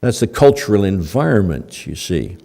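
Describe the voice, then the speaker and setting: An older male pastor preaches in a loose, conversational way, full of fillers and restarts. His voice sits low and mellow. A long hall reverb trails each phrase. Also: sing-song, normal speed, gravelly. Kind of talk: sermon. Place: church hall.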